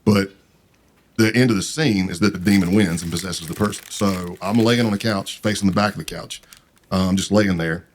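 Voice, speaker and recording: A man's voice: sits low, brisk, a little hiss or hum. A man telling a long personal story in a casual, rambling way, with many fillers and restarts. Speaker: podcast guest.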